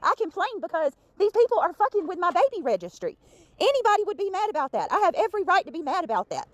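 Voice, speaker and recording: A very high, lively woman talks fast and indignantly, defending herself with plenty of swearing. Her voice is close and dry. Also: dry recording.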